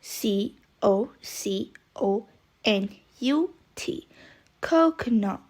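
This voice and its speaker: Slow, deliberate woman teaching English words. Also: medium pitch, lively intonation, a little mellow. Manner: repeats each word slowly, then spells it letter by letter. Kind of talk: vocabulary lesson, slow spelling drills.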